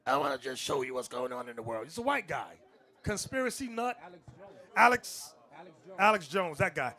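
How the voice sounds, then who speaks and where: A man delivers a sermon in a loose, conversational way, stopping to comment and drifting between points. His voice sits somewhat high for a man. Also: a bit bright. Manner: loose and digressive, talking over a played clip. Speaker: preacher.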